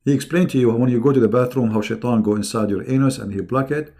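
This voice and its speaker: A man hosting a livestream, talking casually with a mocking, sarcastic, animated manner. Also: mid-range voice, fast talker. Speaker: livestream host.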